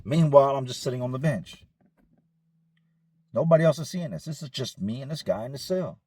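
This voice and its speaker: A man telling a personal story in a casual, animated vlog style, recorded in his car. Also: medium pitch, a little fast, breathy edge, dry recording. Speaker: vlogger.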